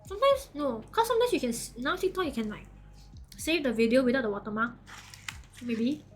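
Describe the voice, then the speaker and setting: A woman's voice: sits high, expressive, brisk, soft background music. A woman chatting casually as a streamer, giggly and chatty with loose grammar. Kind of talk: casual reaction chat.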